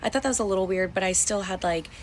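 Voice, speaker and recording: Woman telling a tense story quickly. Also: mid-range voice, a little hiss or hum. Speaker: guest. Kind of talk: casual storytelling.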